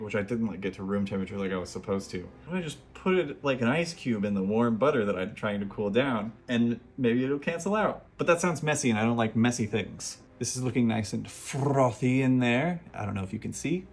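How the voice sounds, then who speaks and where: A man hosting a casual home cooking vlog from his kitchen, narrating each step with wry, self-deprecating jokes. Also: medium pitch. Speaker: home cooking show host.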